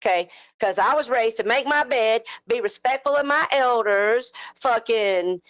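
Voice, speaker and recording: This livestream co-host is a woman from the American South speaking at home into a headset mic, her voice high, fairly bright, and a little slow, with no room sound. She rants heatedly and casually, blunt, fired-up, and constantly swearing.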